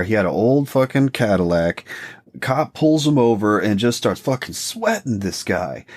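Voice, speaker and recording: A man's voice: medium pitch, a little mellow. A man co-hosting a podcast, telling rambling, profane stories in a laid-back casual chat. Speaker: podcast co-host.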